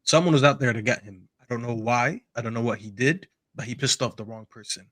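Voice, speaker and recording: A man rattles off blunt football opinions at a fast clip. The recording is dry and close, with no room sound behind his voice. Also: medium pitch, fairly bright tone, no room sound. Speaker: podcast pundit. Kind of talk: casual football chat.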